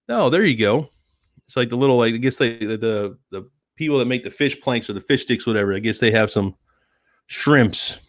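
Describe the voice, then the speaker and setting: A man's voice: medium pitch, dry recording, studio quality. A man hosting a casual live stream from home, chatting with viewers, reading their comments aloud and rambling playfully with lots of fillers.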